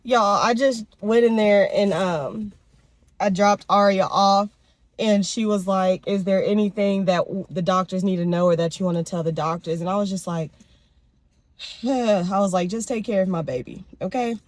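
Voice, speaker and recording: A young woman vlogger chats casually and emotionally in a personal video, her voice medium in pitch, steady in tone, and normal in speed. She talks a lot and uses baby talk with her dogs.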